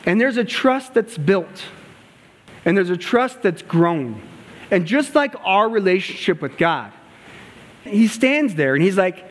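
A man preaching a sermon, telling a story and acting out the dialogue, moving between loud passages and hushed ones. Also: high-pitched, very animated, a little slow. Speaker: pastor and gymnastics coach. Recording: long hall reverb.

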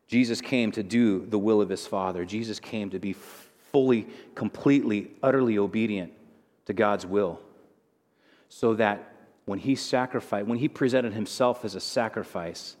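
A man's voice: lowish voice, moderate pace, darkish tone, in a large hall. A male pastor preaching a sermon, building intensity through repeated phrases and stammering restarts.

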